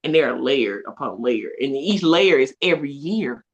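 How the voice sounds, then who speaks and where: Woman, podcast guest, expressive, laughs often, lively pitch. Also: moderate pace, highs cut off. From Atlanta, USA. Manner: animated, expressive storytelling with frequent laughs. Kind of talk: casual conversation.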